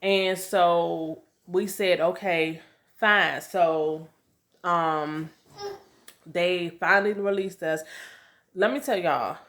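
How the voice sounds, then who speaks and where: A woman's voice: fairly low pitch, steady tone, takes it slowly, a bit bright. Chatty young woman telling a story. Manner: chatty, repeats herself, lots of "um" and "y'all". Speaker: vlogger. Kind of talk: casual storytelling to camera.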